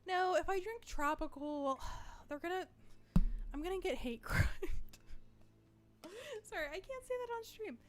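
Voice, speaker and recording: A woman's voice: extremely high pitch, lively intonation, unhurried, pauses often. A woman streaming a dating game, chatting and joking with her viewers between lines. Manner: chatty, joking, asides to chat.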